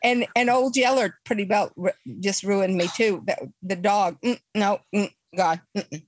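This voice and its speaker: A woman's voice: mid-range voice, measured pace, slight background noise. An older woman, a guest in a casual chat, talking expressively and trailing off in broken phrases.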